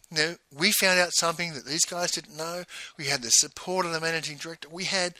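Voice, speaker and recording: A man's voice: on the high side, bright, forceful tone, dry recording, low-quality recording. A man, a former salesman, telling his own story frankly, with bursts of indignation. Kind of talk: candid personal storytelling.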